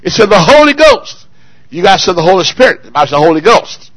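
High, lively, bright-voiced preacher man. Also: fast talker, no echo, rough recording. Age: adult, married. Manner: emphatic, call-and-response questions to the congregation; swings between loud exclamations and soft asides. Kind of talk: sermon.

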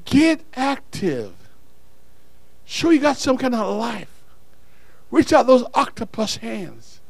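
Man, preacher, high lively voice, dry close sound, shouted exhortation. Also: a little slow, vocal fry, no echo. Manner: animated, swings from low asides to shouted exhortation. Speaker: pastor. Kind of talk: sermon.

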